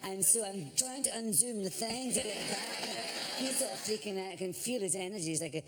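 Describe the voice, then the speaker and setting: A woman's voice: medium pitch, brisk, heavy background noise. Chatty woman telling a story. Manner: chatty, self-mocking, full of fillers and restarts. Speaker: talk show guest. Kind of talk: animated anecdote telling. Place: television studio with live audience. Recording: studio audience laughter.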